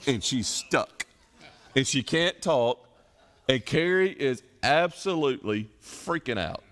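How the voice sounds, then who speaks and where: A middle-aged male pastor teaching a Bible study in a relaxed, conversational sermon. He talks at a middle pitch and leans on homely stories to make his points. His voice carries a long reverb from a church hall. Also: takes it slowly. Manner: folksy storytelling with illustrations.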